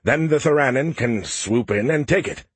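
Meet a smug, show-off machine mind that teases everyone around it, as a man puts him on. The voice sits a touch higher than a plain talking voice, with a husky edge and a close, dry sound. Its delivery is cocky and mocking. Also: animated, normal speed, no echo. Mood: boastful. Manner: snarky, mocking, playful. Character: smug, boastful male alien AI.

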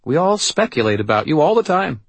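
A man voicing a cheerful, bubbly young woman who speaks brightly and eagerly. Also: on the high side, sing-song, a little fast, no room sound, pitched above the performer's own voice. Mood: chatty.

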